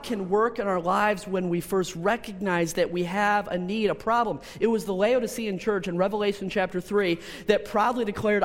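A man's voice: sits high, normal speed, few pauses. Preacher man telling a story in a hall. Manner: storytelling, animated, with repeated words and restarts. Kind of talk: sermon with personal story. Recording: long hall reverb.

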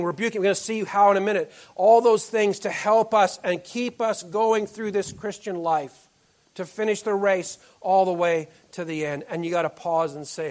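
A male pastor giving an earnest sermon to a congregation, often dropping to soft, low tones on key phrases.

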